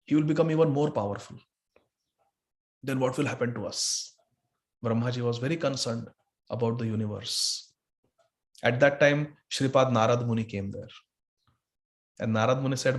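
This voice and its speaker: A male preacher giving a sermon and telling a story in an animated way. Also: medium pitch, moderate pace, long pauses.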